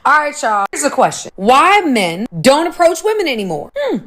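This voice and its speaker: A woman talking casually to her viewers in a lively, rhetorical way, listing her points. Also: high voice, moderate pace. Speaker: online video commentator. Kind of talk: casual video talk to viewers.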